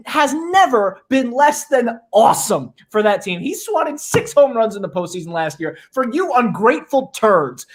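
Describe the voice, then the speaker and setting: Ranting Midwestern man on sports talk. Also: very high-pitched. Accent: Midwestern American. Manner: ranting, impassioned, sarcastic. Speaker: sports show co-host.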